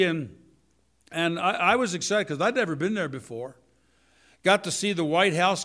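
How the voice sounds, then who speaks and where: An older man preaching a sermon to his congregation in a folksy, animated way, full of asides and stories. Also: high-pitched.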